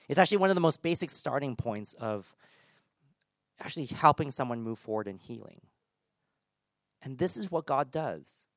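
A man's voice: medium pitch, expressive, moderate pace, long pauses, dry recording, studio quality. A man giving a conversational sermon as a pastor, informal with self-deprecating humor.

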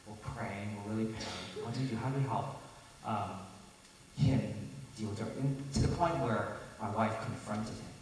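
A man's voice: lowish voice, normal speed, darkish tone, a little hiss or hum. A man preaching a sermon, earnest and telling a personal story with self-correcting asides. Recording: echoey hall, voice from a distance.

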